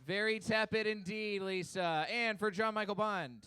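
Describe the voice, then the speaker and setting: Man, game show host, high bright voice, smooth, hyping contestants, live stage. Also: fairly even intonation, moderate pace, slight background noise. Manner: upbeat announcing, hyping names to a crowd. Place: live comedy theater stage.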